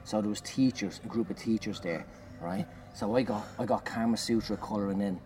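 A man, a comedian, telling an animated anecdote in conversation, swearing and shouting out the lines he acts. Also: on the low side, a little fast. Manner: animated, swearing, loud acted-out bursts. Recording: noisy background.

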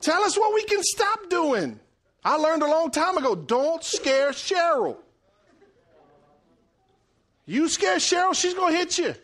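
A middle-aged man preaching a sermon, animated and joking, swinging between loud and hushed delivery. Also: very high voice, measured pace, pauses often. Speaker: pastor.

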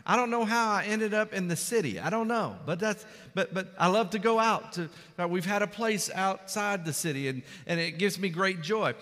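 Bright high-voiced pastor in a big hall. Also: male voice, moderate pace, hardly any pauses. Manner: emphatic, builds to loud climaxes, asks the crowd "amen?". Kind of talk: sermon. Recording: long hall reverb.

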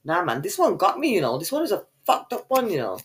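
A woman's voice: medium pitch, huge pitch swings, quick pace. A woman, co-hosting a podcast in foul-mouthed, mock-insulting banter. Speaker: podcast co-host.

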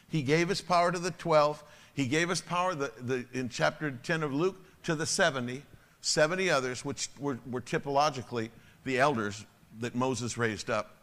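A man preaching a sermon as a pastor, telling stories in an animated way and swinging from loud to hushed. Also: mid-range voice.

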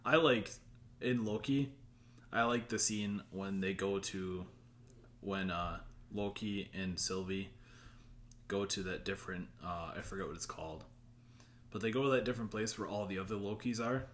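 A man's voice: fairly low pitch, moderate pace, fairly bright tone, a little hiss or hum. A man in a casual chat about films, laid-back, giving short replies and laughing easily.

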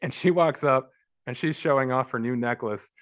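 A man in his forties tells stories from his childhood as an interview guest. He is animated, laughs often through his anecdotes and restarts his sentences a lot. His voice sits at an ordinary pitch for a man. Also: moderate pace. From Los Angeles. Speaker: author and guest. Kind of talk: conversational storytelling.

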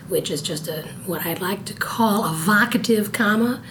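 A woman's voice: medium pitch, normal speed, fairly bright tone, slight background noise, rough recording. An older woman with a cold, talking as an interview guest in a precise, thoughtful way with wry jokes. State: stuffy from a cold. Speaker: guest, copy editor. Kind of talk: conversational interview.

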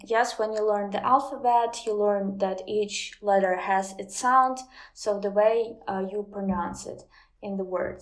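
A woman who speaks natively, talking in English as an interview guest, explaining earnestly with many pauses and fillers. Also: mid-range voice. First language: Ukrainian. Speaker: guest, Ukrainian language teacher.

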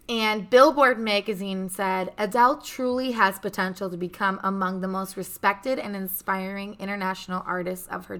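A woman's voice: mid-range voice, sharp tone. A young woman hosting a casual podcast chat, telling a story in a chatty, swearing, offhand way. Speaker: podcast host.

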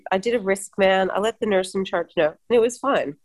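A woman who works as a midwife, chatting casually and telling work stories in an expressive, animated way. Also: medium pitch, a little fast, few pauses. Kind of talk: casual chat.

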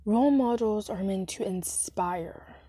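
A woman's voice: mid-range voice, measured pace, warm tone, slightly rough, dry recording, clean studio sound. A young woman hosting a casual solo podcast, rambling and self-deprecating, recorded on a phone with wired headphones. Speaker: podcast host. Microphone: phone voice recorder app with wired headphones.

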